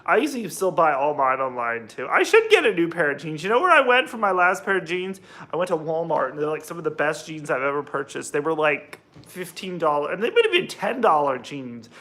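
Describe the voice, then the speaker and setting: A man's voice: fairly high pitch, sing-song, a little fast, pushed and bright. A young American man chatting casually on a livestream while cooking, rambling and greeting viewers by name. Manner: rambling, chatty, reads out chat names. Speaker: livestream host.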